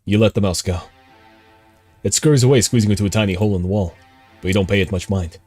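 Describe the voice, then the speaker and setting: A man's voice: fairly low pitch, quick pace, a little mellow, dry recording, soft background music. A young man livestreaming a horror game, reading the game text aloud and reacting with swearing and exclamations. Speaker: streamer.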